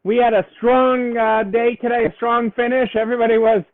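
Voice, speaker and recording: A man's voice: very high voice, level tone, fairly quick. A man hosting a casual live stream for store owners, upbeat and cheerleading, repeating his phrases and playing up a southern twang. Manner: playfully putting on a southern twang. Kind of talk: casual live stream chat greeting viewers. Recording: tinny phone-like sound.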